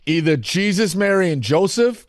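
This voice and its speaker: A man's voice: high voice, animated, moderate pace, dry recording. A man telling stories in casual podcast chat, rambling and swearing, with a close studio mic. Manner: rambling, swearing, laughing storyteller. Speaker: podcast co-host.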